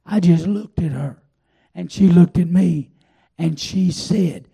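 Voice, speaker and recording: An older man preaching a sermon, telling a personal testimony in a folksy, drawn-out way. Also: high voice, creaky, dark tone, slightly rough. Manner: folksy storytelling, drawn-out pauses. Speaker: pastor.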